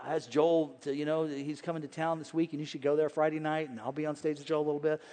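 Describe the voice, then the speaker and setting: A man in his forties preaching a sermon as pastor, energetic and folksy, jumping from shouts to hushed, joking asides. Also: on the high side, fast, big-room sound. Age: 40s. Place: large church hall with congregation.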